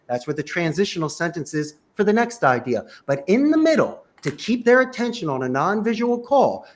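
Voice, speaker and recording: A man giving emphatic, punchy sales coaching in a panel conversation. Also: on the high side. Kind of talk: energetic advice in a panel chat.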